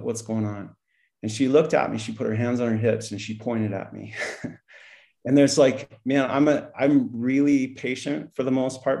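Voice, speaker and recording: A man's voice: medium pitch, creaky, dark tone. A middle-aged man, a former school principal, telling a story in conversation, acting out the dialogue and often laughing. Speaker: podcast guest, school principal.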